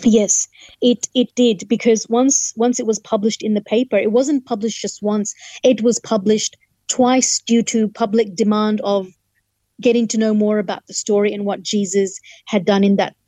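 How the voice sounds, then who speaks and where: A woman's voice: medium pitch, little pitch movement, moderate pace, dark tone, no echo. A middle-aged woman, a lawyer and interview guest, vividly telling a personal testimony and acting out what people said. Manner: vivid storyteller who acts out dialogue. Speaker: guest, human rights lawyer.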